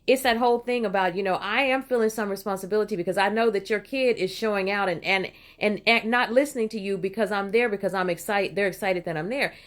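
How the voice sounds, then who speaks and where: A chatty middle-aged woman tells a personal story to the camera, wandering off on side points and checking in with "right?" as she goes. She slips into animated put-on voices when she quotes people, and her pitch sits in the middle. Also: fast talker, few pauses. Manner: chatty, digressive, frequent "you know" and "right?". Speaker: vlogger. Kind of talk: casual storytelling monologue.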